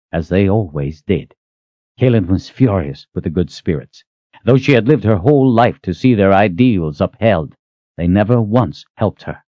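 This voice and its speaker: A man reads a novel aloud in an expressive storytelling style. His voice is on the low side but moves through a wide, lively range. The recording is dry and somewhat dull. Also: dry recording. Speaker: narrator. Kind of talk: audiobook narration.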